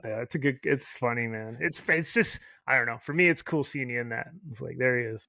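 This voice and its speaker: A man hosting a podcast interview, mostly listening with brief affirmations and asking relaxed questions. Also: mid-range voice, brisk, creaky, no room sound. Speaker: podcast host, coach. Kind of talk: casual interview chat.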